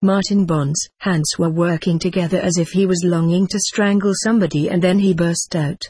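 A narrator reading a story aloud at a steady, measured pace. The voice is husky and sits at a middle pitch. The recording is close and dry. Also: no room sound. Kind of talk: audiobook narration.

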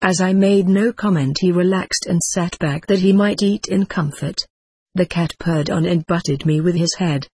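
A reader giving first-person scripted narration of a story in a measured, even manner. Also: mid-range voice, slightly rough. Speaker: audiobook reader.

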